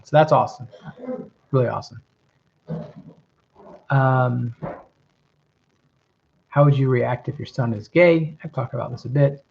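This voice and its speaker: A relaxed middle-aged Southern American, his accent mild and metropolitan, chats on a livestream, reading questions from viewers and advising them with many ums and rights. The voice is mid-range and creaky; the audio, lo-fi stream quality, is slightly dull with slight background noise.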